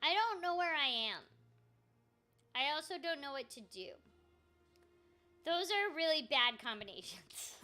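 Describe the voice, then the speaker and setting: A young woman with a high, bright voice talks her way through a game, chatty and self-mocking. Her pitch swings a lot as she mutters to herself. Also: sing-song, a little slow, pauses often, soft background music. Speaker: voice actor streaming a game. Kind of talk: casual gameplay chat.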